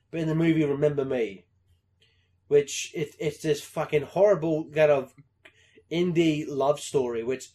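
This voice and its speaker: A man chatting casually about movies, swearing a lot and slipping into loud mocking voices. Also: on the high side. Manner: animated, profane, breaks into loud mock voices. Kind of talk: casual chat.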